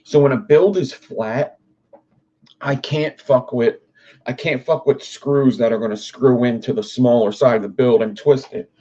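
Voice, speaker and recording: A man's voice: medium pitch, steady tone, measured pace, mellow, muffled recording. A young man hosting a livestream. He rambles in casual chat, swears freely and talks to his viewers. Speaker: livestream host.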